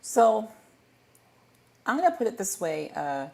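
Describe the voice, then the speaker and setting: A man's voice: sits high, big pitch swings, measured pace, creaky. Stumbling, playful young-sounding man chatting live. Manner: stumbling, self-correcting, playful rambling. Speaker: livestream host. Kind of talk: casual livestream Q&A chat. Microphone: desk microphone.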